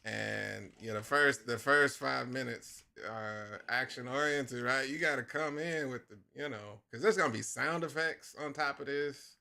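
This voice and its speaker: Gravelly and mid-range, this middle-aged man speaks at a normal pace with few pauses. Chatting loosely during his live comic-drawing stream, he's a lively storyteller who performs his own outbursts as he recounts them.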